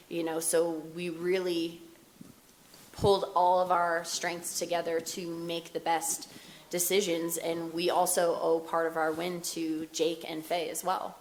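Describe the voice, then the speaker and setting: American woman in her thirties, low steady voice, flat delivery, candid press conference answers. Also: slight background noise. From United States. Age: 30s. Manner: candid, conversational, some fast bursts.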